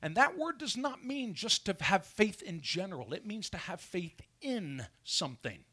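Male pastor preaching at the pulpit, high voice, swings up and down a lot, fired up. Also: moderate pace, slightly rough. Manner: animated preaching with rhetorical questions. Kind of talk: sermon. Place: church sanctuary at a pulpit.

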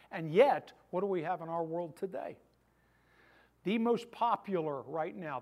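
High-voiced man preaching a casual sermon. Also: a little mellow. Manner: conversational preaching with asides and humor. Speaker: pastor.

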